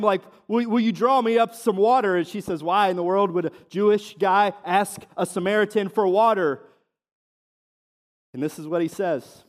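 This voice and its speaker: A high-voiced man preaches a sermon with earnest drive, stumbling into restarts and filler words as he builds each point. On quoted scripture he slows and sinks to a soft, low murmur. His voice rings with the long reverb of a church hall. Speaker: pastor.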